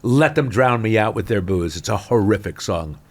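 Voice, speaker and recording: A man, a guest actor telling stories in an animated interview chat, swinging between loud bursts and mutters. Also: on the low side, moderate pace.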